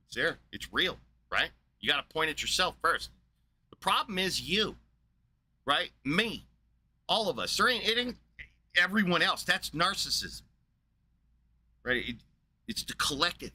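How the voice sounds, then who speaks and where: Streamer guy ranting, crude and blunt, super bright forceful voice. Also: fairly high pitch. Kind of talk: casual profane rant.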